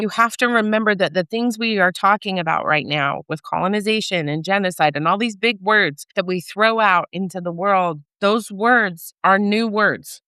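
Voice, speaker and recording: Woman, 40s, podcast guest; bright, crisp voice, dry close sound, animated storyteller. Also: mid-range voice, dry recording. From Utah. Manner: animated, acts out quoted relatives. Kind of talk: candid conversational storytelling.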